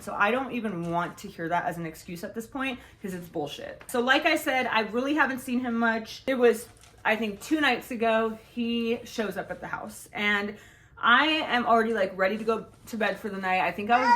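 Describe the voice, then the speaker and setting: A woman's voice: medium pitch, moderate pace, fairly bright tone. A young woman telling a personal story to her viewers from home, in a frank, profane, rambling manner full of "like" fillers. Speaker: vlogger. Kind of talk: casual storytime monologue.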